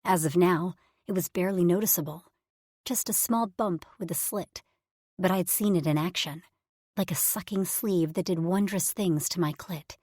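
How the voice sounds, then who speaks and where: A woman reading a first-person romance audiobook in a lowish voice, intimate and even. The sound is close and dry, with no room echo at all. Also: normal speed. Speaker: audiobook narrator.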